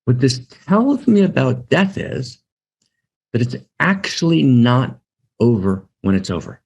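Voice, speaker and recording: A man's voice: medium pitch, sing-song, a little slow, vocal fry, a little mellow, breathy edge. A man giving a spiritual teaching talk on an online broadcast, impassioned, repeating phrases and often asking "right?".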